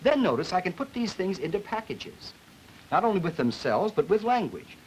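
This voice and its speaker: On a low-quality old film soundtrack with faint hiss, a man with a high, sing-song voice speaks at normal speed. He's giving a classroom linguistics lecture, voicing the sounds he describes as demonstrations.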